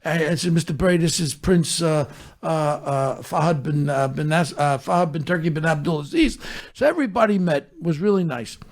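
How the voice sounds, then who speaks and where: A man's voice: a little high, normal speed. An older man telling stories in a blunt, profane, streetwise way. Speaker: storyteller on his own podcast. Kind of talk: casual storytelling.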